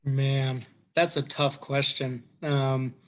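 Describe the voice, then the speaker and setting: A man's voice: mid-range voice, level tone, takes it slowly, a little hiss or hum. A man hosting a casual business chat, easygoing and a little hesitant, often restarting his sentences. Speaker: host.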